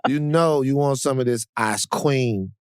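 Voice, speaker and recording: A man's voice: mid-range voice, measured pace, smooth, dry recording, clean studio sound, close to an everyday voice. A man putting on the coaxing voice of his greedy old self as a comic bit in a podcast chat. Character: tempting male alter ego, his old greedy self.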